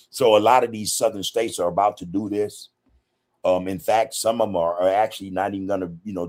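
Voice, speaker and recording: A man with a very low, deep voice hosts a casual livestream podcast. He talks loosely and informally, greeting viewers by name and filling his sentences with "man" and "you know". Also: a little mellow. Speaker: podcast host. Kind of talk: casual livestream chat, reading viewer comments.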